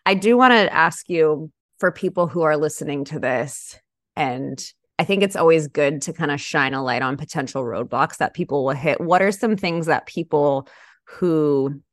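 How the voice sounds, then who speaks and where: A woman hosts a conversational podcast in a notably low voice for a woman. Her talk is casual and reflective, sprinkled with "like," and the sound is close and dry with no room around it. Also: moderate pace, no room sound. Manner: casual, thoughtful, many "like" fillers. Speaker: podcast host.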